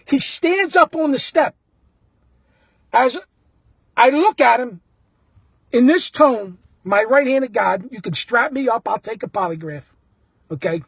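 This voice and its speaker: A man recounts a story in a blunt, casual way. His voice is husky, and his pitch swings widely as he acts out each exchange. The sound is dry and close. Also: a little slow, pauses often, no room sound. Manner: animated, blunt, acts out the quotes. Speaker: baseball fan telling a story.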